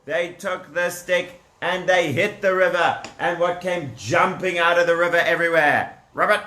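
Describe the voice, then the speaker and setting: A man's voice: a little high, moderate pace, pushed and bright, echoey room. A man telling a children's Bible story playfully, speaking directly to the kids.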